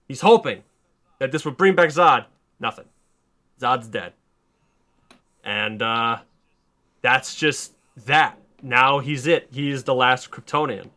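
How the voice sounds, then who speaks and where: A man hosting a podcast, excitedly retelling a story pitch in casual, swearing chat. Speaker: podcast host.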